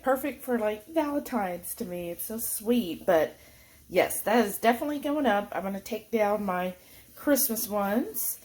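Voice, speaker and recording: Slow-talking woman vlogger. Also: mid-range voice. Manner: chatty, folksy, warmly addresses viewers as y'all. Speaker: keto food vlogger. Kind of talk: casual vlog chat.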